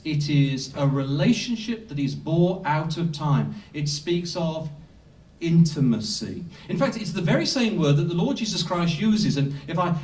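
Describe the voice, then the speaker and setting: Man, preacher, slow emphatic sermon, dramatic pauses, echoey, off-mic. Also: on the high side, darkish tone, recorded from a distance. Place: Bible school hall. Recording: echoey room, speaker off-mic.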